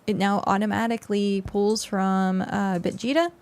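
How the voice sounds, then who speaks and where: A woman's voice: medium pitch, fairly even intonation, normal speed, darkish tone, clean tone. A young adult woman streamer chatting casually with her viewers on a close mic, rambling with lots of fillers. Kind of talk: casual livestream chat with viewers.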